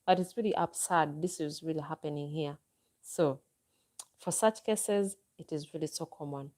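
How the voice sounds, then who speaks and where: A woman's voice: low-pitched, moderate pace, a little mellow. A Ugandan woman vlogger with a Ugandan accent, chatting unhurriedly as she answers viewer comments and gives advice. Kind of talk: live stream chat, answering viewer comments.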